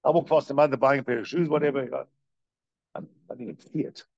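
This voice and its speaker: A man's voice: medium pitch, steady tone, fast talker, gravelly, a little mellow, dry recording. A man giving a conversational religious lecture, telling stories and putting questions straight to his listeners. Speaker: teacher of a Jewish religious class. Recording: dry, dull lo-fi recording.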